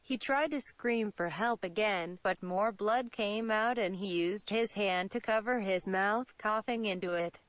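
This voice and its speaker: Read it slowly and steadily, close and dry: a young woman in her twenties from Saudi Arabia telling a story. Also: medium pitch, a bit bright, dry recording. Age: 20s. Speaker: channel host. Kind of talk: reading a fan story aloud.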